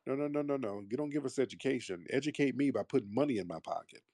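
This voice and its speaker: A man's voice: mid-range voice, fast, warm tone, dry recording, clean studio sound. A man hosting a call-in talk show, blunt and combative, mocking his callers. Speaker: host.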